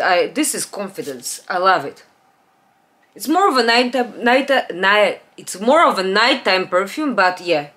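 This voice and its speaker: A woman, chatting casually in a home vlog, rambling with restarts and letting her voice trail off low and quiet. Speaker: beauty vlogger. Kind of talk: casual perfume haul chat. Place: home, natural light.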